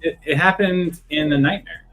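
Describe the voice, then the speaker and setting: A man's voice: fairly high pitch, moderate pace, fairly bright tone, faint music behind. A man co-hosting a casual podcast, making wry quips. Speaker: podcast co-host. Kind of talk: casual group chat.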